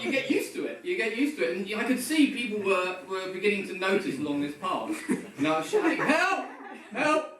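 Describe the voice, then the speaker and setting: A man doing stand-up at an open mic, telling a rambling, self-deprecating story. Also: high-pitched. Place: pub comedy room. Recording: echoey room from far off, loud background noise. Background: audience laughter.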